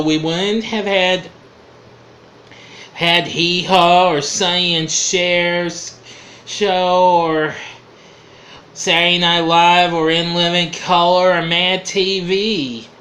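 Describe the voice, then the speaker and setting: A man with a bright, fairly high voice talks through an old comedy show in a casual vlog. He rambles at a slow, easygoing pace, chuckling and losing his train of thought. Faint hiss in the background. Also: steady tone. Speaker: vlogger reviewing an old TV show.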